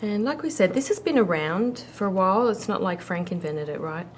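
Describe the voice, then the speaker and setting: A woman's voice: medium pitch, lively intonation, brisk, a crowd in the background. A woman co-hosting a live craft stream, chatty and teasing, asking the guest questions. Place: studio.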